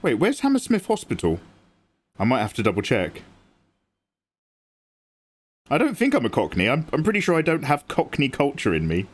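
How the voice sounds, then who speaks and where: A man's voice: medium pitch, wildly swooping pitch, moderate pace, pauses often, slightly rough. Chatty man streaming his art. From England. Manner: chatty, reads and answers chat, explains as he works. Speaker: livestream artist. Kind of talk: casual livestream chat while drawing.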